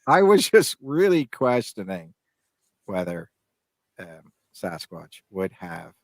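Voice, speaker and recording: A man's voice: sits low, sing-song, vocal fry, dry recording. A man in his fifties co-hosting a podcast, rambling through casual chat with lots of restarts and fillers. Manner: halting, many restarts and fillers. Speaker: podcast co-host.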